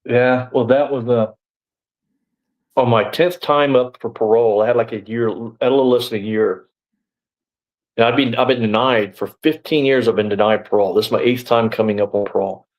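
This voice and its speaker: A man's voice: medium pitch, fairly even intonation, normal speed, rough recording. A middle-aged man telling his story as an interview guest, rambling and blunt, full of "you know" and restarts. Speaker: interview guest, former sheriff's deputy.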